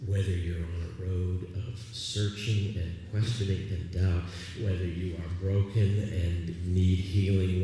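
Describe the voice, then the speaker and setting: A man's voice: deep voice, warm tone. A man preaching a sermon as a pastor, telling a personal story in a conversational, confessional way and inviting people to communion. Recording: echoey hall, distant mic, faint room noise.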